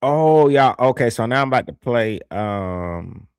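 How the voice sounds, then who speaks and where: A man's voice: mid-range voice, animated, a little slow, smooth, no echo, studio quality. A man hosting a livestream, telling a story in a laid-back, rambling way and reading viewer comments aloud. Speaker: livestream host. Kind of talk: casual livestream chat.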